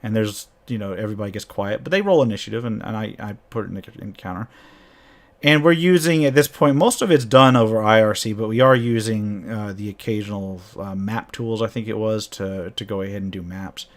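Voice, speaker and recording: A man recounting a tabletop campaign as its game master, in casual storytelling, animated and often jumping into his players' voices. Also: on the low side, a little fast. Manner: animated, acts out quoted players in a raised voice.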